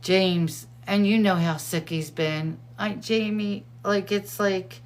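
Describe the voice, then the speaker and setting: A middle-aged woman hosting a show, chatting casually and excitedly, laughing often. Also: mid-range voice, takes it slowly. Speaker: host. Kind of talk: casual chat.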